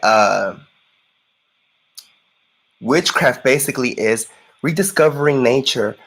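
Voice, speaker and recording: A man's voice: medium pitch, a bit bright, rough recording. A man co-hosting a sassy reaction commentary, campy, profane and emphatic. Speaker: co-host.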